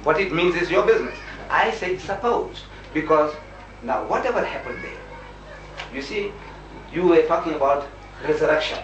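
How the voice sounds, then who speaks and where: A man's voice: on the high side, animated, normal speed, muffled recording. A man in a heated debate, telling stories animatedly, exclaiming and acting out what people said. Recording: echoey room, distant mic, faint hiss.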